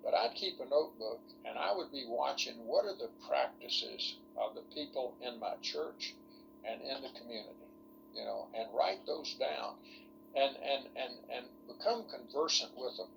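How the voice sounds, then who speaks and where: A man's voice: medium pitch, lively intonation, moderate pace, vocal fry, a bit bright, a little hiss or hum, poor audio. A man lecturing ministry students in an online workshop over a video call, folksy and rambling, full of rhetorical questions.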